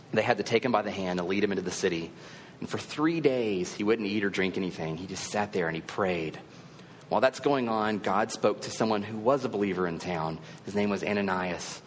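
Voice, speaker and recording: A man's voice: on the low side, fairly quick, in a large hall, a little hiss or hum. A male preacher giving a sermon in a conversational, earnest storytelling manner.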